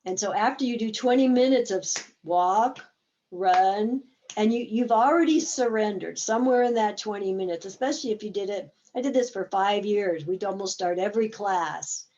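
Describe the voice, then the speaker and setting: A woman's voice: mid-range voice, moderate pace, darkish tone, lo-fi sound. A woman therapist explaining a game in a conversational teaching talk, acting out bits of dialogue as examples.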